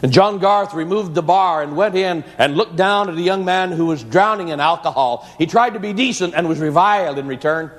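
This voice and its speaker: High-voiced preacher in an echoing church. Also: male voice, fairly quick, few pauses. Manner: dramatic, earnest storytelling that swells into prayer. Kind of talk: storytelling sermon. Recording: echoey church hall.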